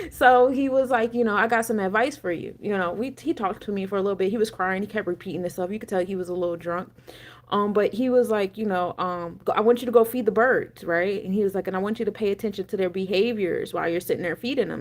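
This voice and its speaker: A woman's voice: a little high, expressive, quick pace. Chatty, profane woman on a livestream. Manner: rambling, profane, laughing asides, answers chat. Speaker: energy coach and spiritual reader. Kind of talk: casual livestream chat.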